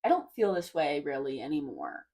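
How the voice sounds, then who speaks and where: Rambling young woman vlogger, low voice. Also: huge pitch swings, moderate pace, dark tone. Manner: rambling, hesitant, full of "like" and "I don't know". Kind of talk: casual confessional chat.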